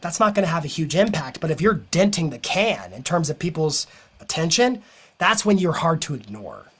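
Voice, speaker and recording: A man who is a business coach, giving an energetic, persuasive motivational talk to a live audience and telling stories along the way. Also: on the high side, normal speed, husky.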